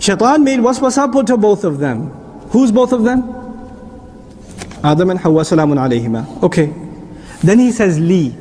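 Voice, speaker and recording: High-voiced man giving a Quran lecture. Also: normal speed, pauses often, a little hiss or hum. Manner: explains with rhetorical questions, rising animated at times. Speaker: Islamic preacher. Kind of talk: sermon-style Quran lecture.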